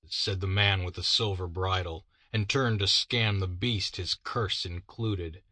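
Slow, measured male audiobook narrator. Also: sits low, bright, forceful tone, no echo.

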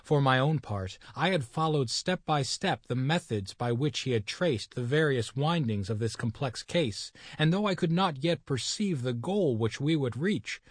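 A man narrating a classic detective story aloud in a steady, even storytelling manner. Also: mid-range voice, moderate pace, few pauses, breathy edge, no room sound, clean studio sound. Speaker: audiobook narrator.

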